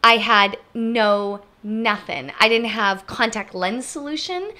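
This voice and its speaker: A woman co-hosting a travel podcast, telling stories in a lively, chatty way and speaking straight to her listeners. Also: a little high, slow. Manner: animated storyteller, addresses listeners directly. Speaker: podcast co-host. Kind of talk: casual travel story chat.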